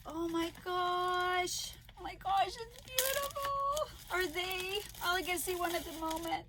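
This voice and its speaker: A woman crochet vlogger chatting casually to viewers as she opens parcels, gushing and excitable with frequent gasps. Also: very high voice, normal speed, heavy background noise. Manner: gushing and excitable, gasping often. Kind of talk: casual unboxing chat to viewers.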